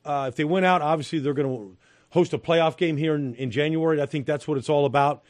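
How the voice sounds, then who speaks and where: A man's voice: fairly high pitch, a little fast, no room sound. A middle-aged man giving football analysis as a studio guest, talking emphatically with repeated phrases and fillers. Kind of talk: studio sports analysis chat.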